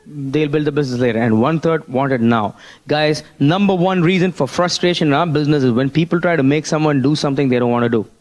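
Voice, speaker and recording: A high-pitched man gives a motivational business seminar talk. He keeps prodding the audience with rhetorical questions and calls of "Hello?". He explains his points while sketching on a board. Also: fast talker, darkish tone.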